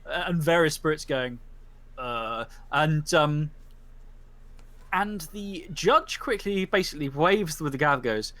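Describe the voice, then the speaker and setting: Male game master, lively pitch, rambling, restarts often. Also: unhurried. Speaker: storyteller. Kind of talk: narrating a tabletop game.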